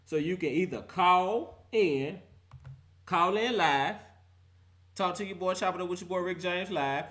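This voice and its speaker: A man's voice: high voice, a little slow, fairly bright tone. A young adult man hosting a live call-in sports show, roasting players and fans in a laughing mock-preacher style.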